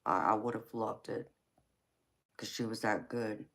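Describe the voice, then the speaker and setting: A woman's voice: rumbling low, steady tone, measured pace, gravelly. A middle-aged woman with a Southern US accent, hosting a casual live chat and calling viewers "baby" affectionately. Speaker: tarot reader and livestream host.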